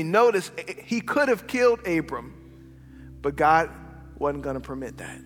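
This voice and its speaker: A man, a pastor, preaching an emphatic sermon that swings between loud and quiet. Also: a little high, expressive, a little slow. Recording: long hall reverb with soft background music.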